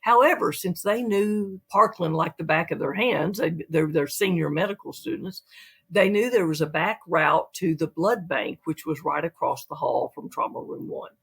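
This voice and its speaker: Husky, gravelly author telling a story. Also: mid-range voice, normal speed. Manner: lively storyteller who acts out quotes. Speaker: author and guest. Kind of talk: storytelling in an interview.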